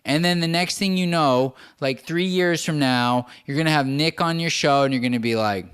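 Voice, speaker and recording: A man's voice: medium pitch, animated, normal speed, hardly any pauses, fairly bright tone, clean tone. A man hosting his own show, ranting in casual, profane, sarcastic commentary and laughing as he talks. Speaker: podcast host.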